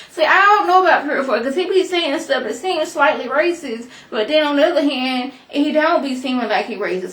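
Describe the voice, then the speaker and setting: A woman's voice: a little high, fairly bright tone. A woman giving a casual, opinionated recap of a TV episode, talking it through with lots of asides. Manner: chatty, opinionated, storytelling with asides. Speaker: TV episode reviewer. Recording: echoey room.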